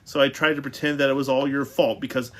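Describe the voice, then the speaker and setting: A man's voice: mid-range voice, level tone, quick pace, fairly bright tone, close to an everyday voice. A man reading the part of a frightened but determined young teenage girl, with an urgent, pleading delivery.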